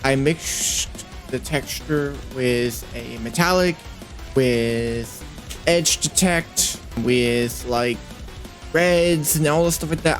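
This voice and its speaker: A man casually narrating his 3D work session, thinking aloud in a rambling, playful way with lots of fillers. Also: medium pitch. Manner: easily excited, playful. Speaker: 3D animator and creator.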